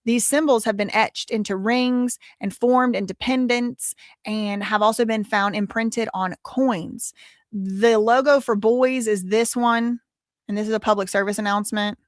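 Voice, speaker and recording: A woman's voice: a little high, fairly even intonation, unhurried, no room sound, clean studio sound. A woman hosting a casual livestream, chatting and reading viewer messages and documents aloud. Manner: chatty, reads super chats and documents aloud, exclamatory. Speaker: livestream host.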